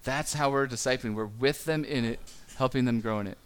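A man's voice: medium pitch, smooth. Man preaching in a conversational way. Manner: conversational, with small stumbles and quick acted-out quotes. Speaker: pastor. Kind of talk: sermon.

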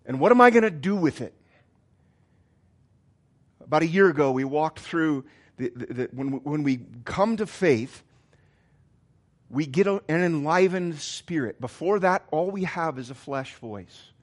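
An earnest man preaching a sermon with a slightly higher voice than most men. He moves between emphatic pushes and soft, hushed stretches, speaking as a pastor to his congregation. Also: lively intonation, measured pace, long pauses.

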